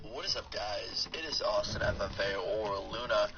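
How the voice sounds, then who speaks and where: A man's voice: fairly low pitch, normal speed, loud music behind the voice. A young man telling a personal story with lots of fillers and restarts, as a YouTuber over gameplay commentary. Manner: rambling, with many fillers and restarts. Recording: dull lo-fi mic with clear background noise.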